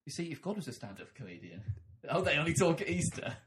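A man's voice: big pitch swings, quick pace, slight background noise. A man hosting a comic podcast, rambling and slipping into mock stand-up bits. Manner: rambling, doing mock stand-up routines in a high put-on voice. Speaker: podcast host. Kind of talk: comic improvised podcast chat.

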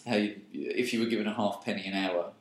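A man's voice: on the low side, quick pace, reverberant, poor audio. A man chatting casually as a co-host, teasing his partner with dry, wry asides. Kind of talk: casual chat.

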